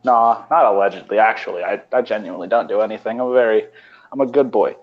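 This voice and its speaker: A fast-talking young man from California with a voice on the low side chats casually and crudely as a podcast co-host. His laid-back, rambling sentences are loose, with frequent stammering restarts, over a lo-fi voice call with faint noise.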